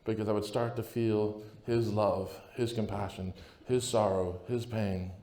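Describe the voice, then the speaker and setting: A man's voice: lowish voice, fairly even intonation, a little slow, dark tone. Earnest man preaching in an echoey hall. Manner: earnest, conversational, keeps asking "right?". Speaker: priest. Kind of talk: conference talk, personal testimony. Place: large hall at a conference.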